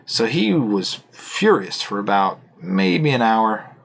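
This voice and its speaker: A man's voice: fairly low pitch, sing-song, takes it slowly, gravelly. A man co-hosting a podcast, telling a rambling story in casual chat and laughing often. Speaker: podcast co-host. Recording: faint background noise.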